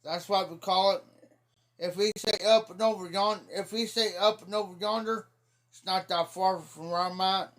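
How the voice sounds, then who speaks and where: Man, middle-aged, from ohio, rambling folksy storyteller, high voice, casual livestream chat. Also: fairly even intonation, normal speed, fairly bright tone. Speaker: livestream host.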